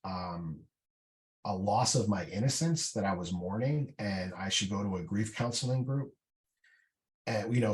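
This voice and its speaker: Earnest low-voiced man telling his story. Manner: earnest and candid, with many fillers and restarts. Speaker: podcast guest, military veteran. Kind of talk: casual conversational storytelling. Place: indoor podcast room.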